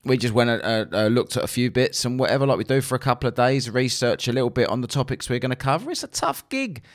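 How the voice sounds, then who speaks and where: A man's voice: medium pitch, steady tone, fast talker. A man hosting a podcast, talking in a blunt, sarcastic rant with plenty of swearing. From England. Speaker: podcast host. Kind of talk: casual podcast monologue.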